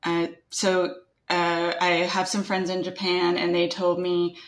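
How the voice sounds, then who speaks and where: A woman's voice: fairly low pitch, monotone, measured pace, hardly any pauses, reverberant. A young woman with a strong Canadian accent, talking casually and upbeat in an interview, peppering her speech with "like" and "right?". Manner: chatty, upbeat, full of "like" and "right?". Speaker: guest.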